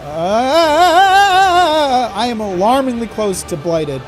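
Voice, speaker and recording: A man with a very high voice streams a game live, talking slowly and breaking into profane, frustrated rants. Quiet game music plays under him. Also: sing-song. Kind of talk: live gameplay streaming commentary.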